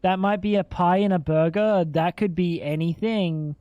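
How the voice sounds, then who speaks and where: On a lo-fi live stream, a high-voiced young man talks at a normal pace with no echo, his voice close and free of room sound. He swears and cracks crude jokes, reacting with disbelief.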